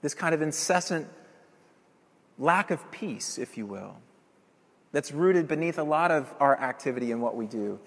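A male preacher delivers an evening sermon with earnest emphasis, pressing home his points with rhetorical questions. His voice sits a little high for a man. A long reverb trails each phrase, as in a church hall. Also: expressive, normal speed, vocal fry, long pauses.

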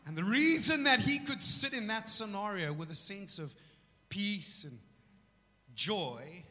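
A man preaching a sermon in a church, casual and joking, telling stories with animated energy. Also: sits high, a little slow. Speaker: pastor. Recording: echoey church hall.

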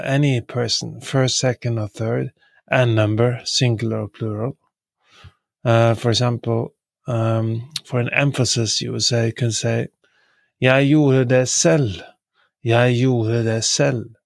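A man teaching a language lesson, repeating each example word three times in a measured way with occasional fillers. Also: medium pitch, creaky, no echo. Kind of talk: slow repetitive lesson.

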